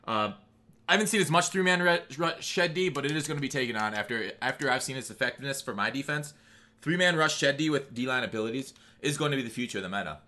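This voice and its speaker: A man's voice: mid-range voice, expressive, quick pace, sharp tone. A man on a call with another streamer, chatting casually in a blunt, profane, joking way. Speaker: streamer guest.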